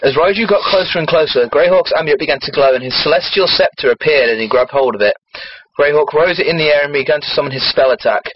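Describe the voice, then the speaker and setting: A man's voice: a little high, fast talker, a little hiss or hum. A man reading a story aloud for laughs and trading crude joking banter with a co-host. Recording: dull lo-fi recording.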